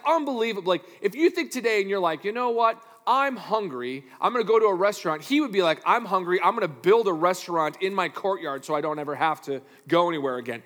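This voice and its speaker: A man preaching a sermon as a pastor, animated and playful, swinging from loud to hushed with self-deprecating asides. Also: sits high. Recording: reverberant hall.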